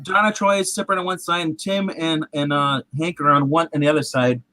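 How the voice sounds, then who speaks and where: Bright, animated man host. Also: a little high, brisk, dry recording. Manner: animated, rambling retelling with laughs and restarts. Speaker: podcast host. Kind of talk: casual chat recapping a TV episode.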